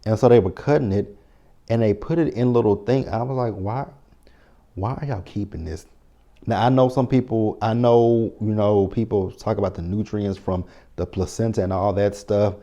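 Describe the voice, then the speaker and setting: A man giving a casual, animated spoken recap of a TV episode, swearing freely and acting out his own reactions. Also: on the low side, normal speed, muffled recording. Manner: animated, profane storytelling with quoted reactions. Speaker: TV recap reviewer.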